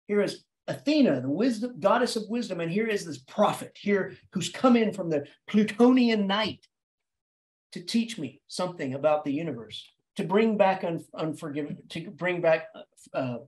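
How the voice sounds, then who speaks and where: A male English professor giving a literature lecture with theatrical energy. His voice jumps suddenly from low musings to high exclamations, and he often restarts and repeats words as he talks his way through ideas. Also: normal speed. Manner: animated, dramatic delivery with sudden pitch jumps.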